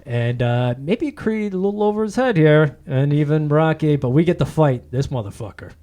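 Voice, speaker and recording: A man co-hosting a comedy podcast in loose, casual chat. His voice sits a little high for a man, and he talks in an excitable, rambling way. He breaks into laughter easily as he goes. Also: moderate pace. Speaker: podcast co-host.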